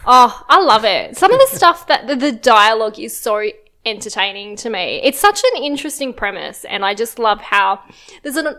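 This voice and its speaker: Woman, high voice, enthusiastic, casual chat. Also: lively intonation, normal speed, pushed and bright. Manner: enthusiastic, gushing.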